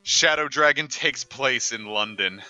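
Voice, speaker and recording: A man's voice: medium pitch, unhurried, pushed and bright, muffled recording, faint music behind. A man streaming a game, making rambling jokes and asides full of fillers. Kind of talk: casual gameplay commentary.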